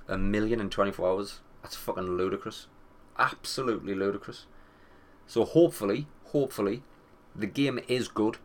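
Young man, casual gaming chat, slightly low voice, sweary, wry, rambling. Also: fairly bright tone. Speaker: gaming commentator.

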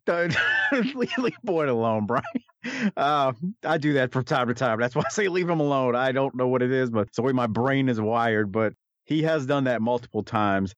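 A man co-hosting a casual podcast, chatting and thinking out loud as he goes. His voice sits in a mid range. The recording is dry and somewhat dull and lo-fi. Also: mid-range voice, normal speed, dry recording. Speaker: podcast co-host. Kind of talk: casual conversation about old wrestling footage.

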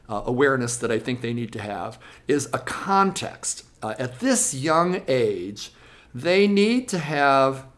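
A music teacher explaining classroom methods in an interview, lively and now and then acting out classroom voices. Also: medium pitch.

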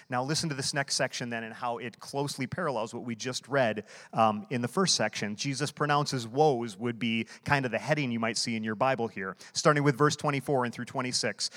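A man's voice: mid-range voice, fairly quick, hardly any pauses, a bit bright. A man preaching a sermon, explaining scripture earnestly and asking rhetorical questions. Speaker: guest preacher. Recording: long hall reverb.

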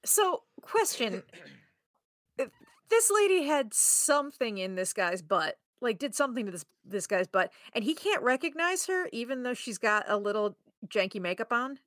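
A woman's voice: on the high side, moderate pace, no echo, clean studio sound. A woman co-hosting a podcast, recapping a film plot and joking with friends. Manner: animated, recaps plot with voices. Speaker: podcast co-host. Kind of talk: casual chat reviewing a film.

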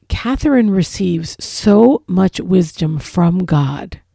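A middle-aged woman gives a reflective spiritual talk on her podcast, leaning hard on the phrases that matter to her. Her voice is dark and a little husky, recorded close and dry with no room sound. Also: on the low side, no room sound. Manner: earnest, pausing, slows down to stress key phrases. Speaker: podcast host.

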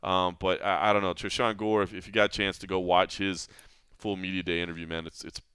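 A man's voice: low voice, level tone, a little fast, fairly bright tone, clear, resonant tone, no echo. A man hosting a podcast about mixed martial arts, talking in an earnest, reflective way, often saying "man" and "you know". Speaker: podcast host. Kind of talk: casual podcast chat.

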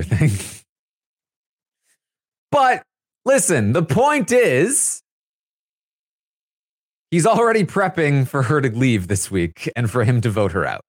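A man's voice: on the low side, dry recording, clean studio sound. A man hosting a casual recap of reality show live feeds, talking loosely with plenty of fillers. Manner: conversational, loose, with many fillers.

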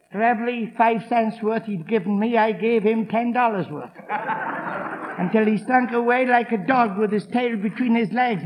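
Man, preacher, very high voice, emphatic sermon, storytelling, forceful delivery. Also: slight background noise, rough recording. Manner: emphatic, forceful, acts out the people in his stories.

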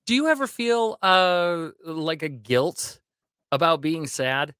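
A man in his forties hosts the podcast in a lively, swooping voice, joking and stumbling over his words. The sound is close and dry, with no room around it. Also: a little high, slow pace, clear, resonant tone, no room sound. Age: 40s. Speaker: podcast host. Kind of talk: conversational interview.

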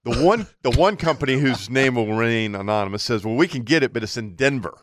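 A man's voice: mid-range voice, fast, dry recording, studio quality. A man co-hosting a radio talk show, telling a long story in a casual way and acting out what people said. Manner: animated anecdote teller acting out quotes.

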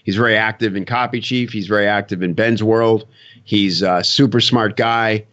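A man's voice: fairly low pitch, steady tone, moderate pace, a bit bright, dull audio. A man co-hosting a podcast, talking loosely and casually with plenty of fillers. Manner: loose, conversational, many fillers. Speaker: podcast co-host.

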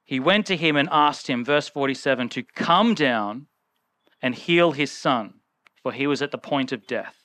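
Bright, crisp-voiced male preacher. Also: medium pitch, expressive, moderate pace, no room sound. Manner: conversational, acts out the people in the story. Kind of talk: sermon.

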